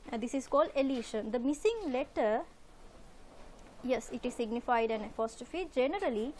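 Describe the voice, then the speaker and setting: A woman with a high voice explains a poem to her students slide by slide. She works methodically, repeats key words and poses rhetorical questions that she answers herself. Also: darkish tone, a little hiss or hum. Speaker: literature teacher. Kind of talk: recorded lecture over slides.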